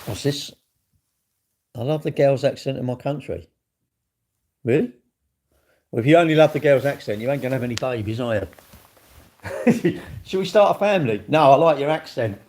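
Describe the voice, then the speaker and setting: Rambling, swearing bloke, lively pitch. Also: male voice, moderate pace, long pauses. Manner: rambling, blunt and swearing, swinging between loud jokes and low grumbles. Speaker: live-streamer chatting with viewers. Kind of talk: casual live-stream chat. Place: at home, moving about near the kitchen. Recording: echoey room.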